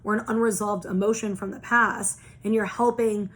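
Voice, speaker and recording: A woman's voice: medium pitch, fairly even intonation, moderate pace. A young woman giving a casual spiritual oracle reading, earnest and reassuring, repeating phrases in long lists and swearing casually. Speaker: tarot and oracle reader.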